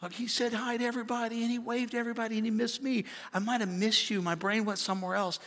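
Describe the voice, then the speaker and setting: A man preaching a sermon as a pastor, animated and conversational, joking with the crowd from the stage. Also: extremely high pitch, fast talker, in a large hall. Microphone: stage microphone.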